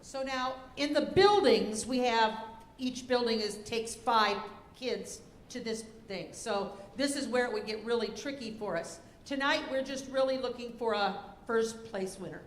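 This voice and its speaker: Woman pronouncing words in an echoey auditorium. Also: fairly high pitch. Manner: deliberate, spells letters out slowly; gives stage directions to contestants. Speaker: spelling bee pronouncer. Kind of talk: reading words and definitions aloud. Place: school auditorium. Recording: echoey auditorium with faint noise.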